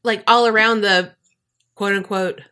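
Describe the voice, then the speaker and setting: A woman with a bright, forceful voice reacts to her co-host's story. She is outspoken and casual, and she swears freely. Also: mid-range voice, fairly even intonation, unhurried. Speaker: podcast co-host.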